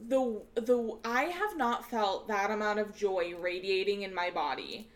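A young woman co-hosting a casual podcast, gushing and excitable, swearing freely. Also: medium pitch, a little slow. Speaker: podcast co-host. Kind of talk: casual chat.

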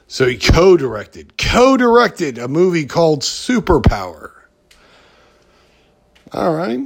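A man hosting a podcast in a rambling, profane monologue, full of halting restarts and fillers. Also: a little high, lively intonation. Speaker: podcast host. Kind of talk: casual ranting monologue.

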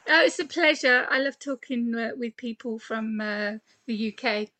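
An animated woman hosts a podcast interview in a fairly high voice. She chats freely and laughs often. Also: moderate pace. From England. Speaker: podcast host. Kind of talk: casual interview chat.

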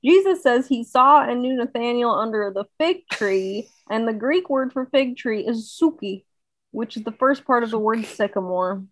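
A woman in her twenties co-hosting a podcast, chatting quickly with fillers and bursts of laughter. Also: a little high, animated, dry recording, low-quality recording. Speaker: podcast co-host. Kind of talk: casual chat.

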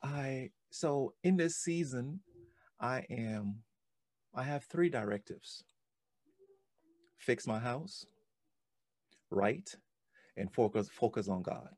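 A man in his forties, a podcast host, telling a personal story in an animated way, often repeating and restarting words. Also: mid-range voice, slow, pauses often, no echo.

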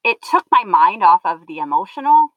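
In a conversational interview, a woman guest shares her story earnestly and explains things, often circling back mid-thought. Her mid-range voice swings widely in pitch and moves briskly. The recording has no room sound but a dull, lo-fi quality.

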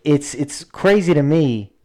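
A man's voice: on the high side, expressive, slow, mellow. Rambling, profane podcast guy. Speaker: podcast co-host. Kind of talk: casual podcast chat.

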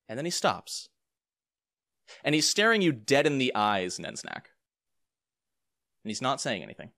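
A man's voice: mid-range voice, sing-song, unhurried, long pauses, bright, forceful tone, soft background music. A man running a tabletop game as game master, narrating scenes vividly and with suspense. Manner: vivid, suspenseful description with playful asides.

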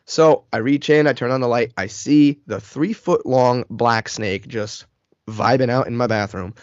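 A man in his thirties, a podcast co-host, telling an animated, profane, self-mocking story in casual chat. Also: medium pitch, measured pace, no room sound, muffled recording. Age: 30s.

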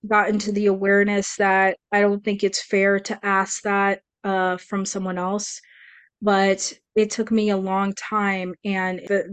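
A woman's voice: mid-range voice, clean tone, no room sound. A woman co-hosting a podcast, speaking candidly and earnestly, often restarting her sentences. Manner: earnest, emotional, halting with restarts. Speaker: podcast co-host.

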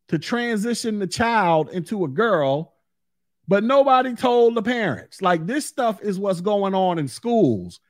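A man's voice: high voice, no room sound, clean studio sound. A man hosting his own opinion podcast, talking bluntly and profanely in a heated rant. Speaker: podcast host. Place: recorded in Florida.

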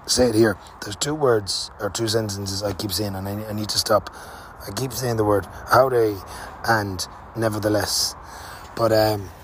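A young man hosting a podcast tells a rambling, casual travel story like a spoken diary, using fillers and the odd swear word. His voice is lowish, and there's a little hiss or hum.

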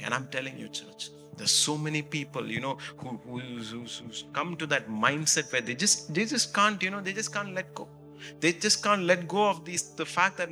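Middle-aged man, pastor; bright tone; sermon with casual storytelling, faint music underneath. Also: on the high side, moderate pace. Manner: animated storytelling, frequent "you know" fillers.

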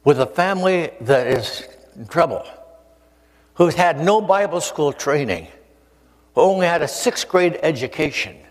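An older male preacher from the Oregon coast, telling a personal story in an animated way, acting out voices and joking with the listeners. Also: fairly high pitch. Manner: animated storyteller, acts out voices, jokes with audience. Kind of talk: storytelling testimony sermon. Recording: long hall reverb.

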